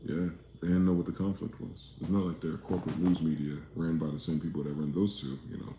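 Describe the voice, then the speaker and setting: A man's voice: very deep voice, level tone, fast, echoey room, background noise. A man from New Jersey hosting a livestream, rambling, profane and ranting as he reads out chat comments. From East Orange, New Jersey. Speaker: livestream host.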